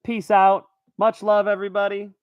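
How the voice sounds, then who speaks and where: A man hosting his own show, chatting casually about fight picks in a hype-driven way, swinging between loud and soft. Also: high voice, completely flat delivery, normal speed, smooth, no echo, muffled recording. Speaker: show host. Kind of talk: casual fight-pick talk.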